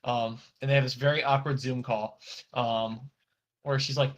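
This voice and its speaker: A man's voice: medium pitch, fairly even intonation, normal speed. Man rambling through a casual recap. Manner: rambling, acts out characters' lines, swears. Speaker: podcast co-host.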